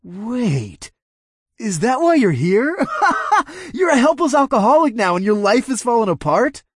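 A taunting young frat bully, loud, sneering and cocky, his voice pitched up above the narrator's own, as a male audiobook narrator puts him on. He mocks each word in a close, dry recording. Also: sing-song, moderate pace, no room sound. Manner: sneering, mocking.

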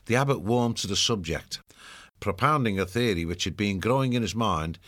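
A man reading a children's fantasy novel aloud as the narrator, in an even storytelling delivery. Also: on the low side, normal speed. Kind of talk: scripted audiobook narration.

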